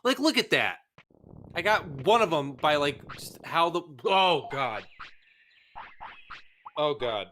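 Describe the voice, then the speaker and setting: A man's voice: a little high, big pitch swings, slow, long pauses, bright, forceful tone, a little hiss or hum. A man hosting a let's play, commenting on his gameplay in an exasperated way and swearing often. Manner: exasperated, swearing, frustrated ranting.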